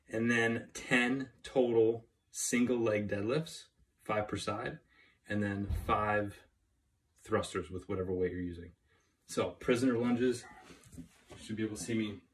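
A man with a slightly low voice talks through a workout plan. He is a bit out of breath and upbeat, and he keeps checking in with a quick "okay?" between the counts. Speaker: fitness coach. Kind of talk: workout instructions to camera.

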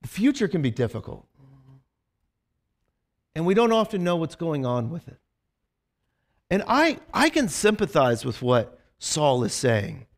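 A man's voice: on the high side, very animated, measured pace, pauses often. A male pastor preaching a casual, conversational sermon in a church, rambling with restarts.

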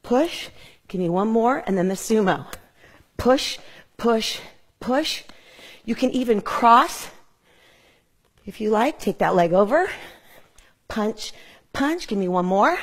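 A woman's voice: medium pitch, animated, a little slow, long pauses, breathy edge. Breathless woman coaching a home workout. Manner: upbeat, counts and cues moves while exercising. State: breathing hard. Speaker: fitness instructor. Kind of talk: live workout instruction. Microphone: clip-on mic.

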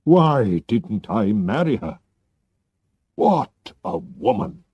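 A man voicing an emotional middle-aged king who exclaims and thanks warmly. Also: fairly low pitch, big pitch swings, extremely slow, slightly rough, dry recording, full character voice. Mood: relieved. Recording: dull lo-fi recording.

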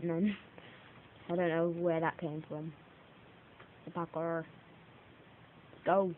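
A woman giving live commentary on her own gameplay, excitable, laughing and mocking herself. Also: on the low side, takes it slowly, pauses often. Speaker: gaming video maker. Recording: tinny lo-fi mic with faint hiss.

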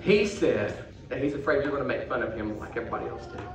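A man's voice: mid-range voice, quick pace, background noise. A man doing a children's puppet show, telling a story animatedly to a silent puppet in front of a room of children. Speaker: children's minister and ventriloquist. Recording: echoey room from far off, music behind.

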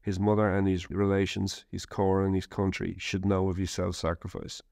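A man reads a first-person war memoir in a measured, steady way. His low voice has a gravelly edge and stays flat in pitch. The sound is close and dry. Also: dry recording. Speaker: narrator.

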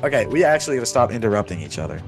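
A man's voice: fairly low pitch, big pitch swings, very fast, creaky, over music. A man in a casual gaming voice chat, teasing his friends while trying to keep the talk in order. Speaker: gaming group member.

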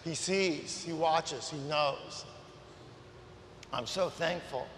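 High-voiced preacher in an echoey hall. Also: male voice, slow pace, slight background noise. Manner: impassioned, swings from soft to shouting. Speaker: guest preacher. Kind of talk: sermon. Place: large church sanctuary.

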